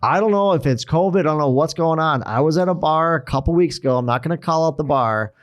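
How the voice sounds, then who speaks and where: Animated male podcast host, storytelling. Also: a little high, fast talker. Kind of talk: casual podcast chat.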